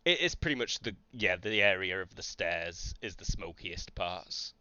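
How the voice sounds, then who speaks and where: A man's voice: sits low, lively intonation, moderate pace, sharp tone, clear, resonant tone, muffled recording. A man acting as game master of a tabletop game, explaining rules casually. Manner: casual, rules-focused, swears.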